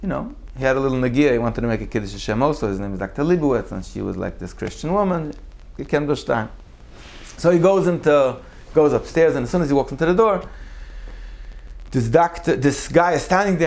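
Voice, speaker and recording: A man's voice: quick pace, vocal fry. Guy preaching, tells stories, voice jumps way up when he acts stuff out. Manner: animated, acts out quotes with big pitch jumps. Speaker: rabbi giving a Torah class. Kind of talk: sermon with storytelling.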